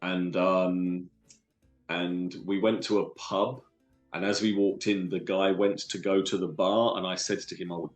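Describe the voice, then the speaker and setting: A man from London with a London accent, a guest telling stories from his life in an earnest, halting way with many restarts. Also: low voice, little pitch movement, roomy sound, soft background music. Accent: London English. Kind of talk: casual storytelling interview.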